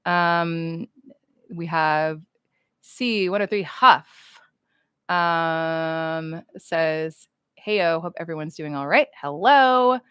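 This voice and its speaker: A woman's voice: low-pitched, extremely slow, a bit bright, clear, resonant tone, dry recording, clean studio sound. A woman from the United States, chatting casually on a livestream with fans, goofy and rambling as she reads chat comments aloud.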